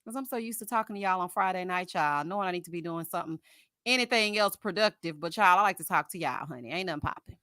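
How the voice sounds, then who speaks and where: A fast-talking woman with a fairly low voice hosts a live reality-TV review stream, recorded in a dry studio with no room sound. She's sassy and expressive with her viewers, calling them honey and y'all, and laughs at her own jokes.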